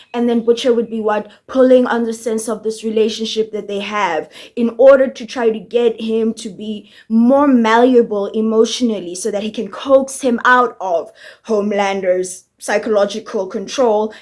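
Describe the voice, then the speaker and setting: A woman's voice: on the high side, a little mellow. Heated, profane woman ranting about a show. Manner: heated, profane, rhetorical questions. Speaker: TV show commentator. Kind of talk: casual ranting review.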